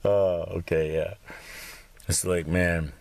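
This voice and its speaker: A man's voice: low-pitched, steady tone, slow pace, a little mellow. A man ranting to his viewers from a cold room at home, swearing constantly and rambling in a heated monologue. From Michigan. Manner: profane, swearing heavily, rambling. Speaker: vlogger.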